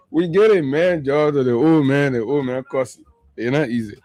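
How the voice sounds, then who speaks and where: A man's voice: mid-range voice, a little mellow. Emphatic man hosting a morning show. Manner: emphatic, with repeated phrases and rhetorical questions. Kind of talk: political commentary on a call-in show.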